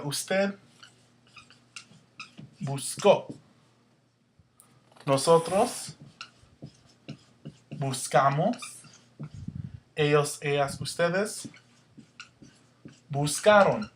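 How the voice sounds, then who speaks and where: Casting note: male teacher, slightly higher voice, patient step-by-step explainer, faint hiss on the track. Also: a bit bright. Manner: explains step by step, checks in with "okay?". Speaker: Spanish teacher. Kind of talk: recorded grammar lesson.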